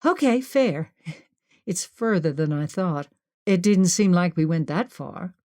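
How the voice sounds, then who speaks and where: A woman voicing a lively young woman who talks brightly and eagerly. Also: on the low side, unhurried. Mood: cheerful.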